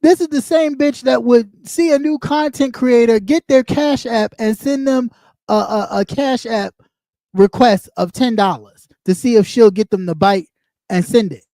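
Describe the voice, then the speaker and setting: A man's voice: very high-pitched, measured pace, mellow, dry recording, clean studio sound. A man ranting on a livestream, mocking and heated, swearing constantly. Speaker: livestream host. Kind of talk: profane livestream rant.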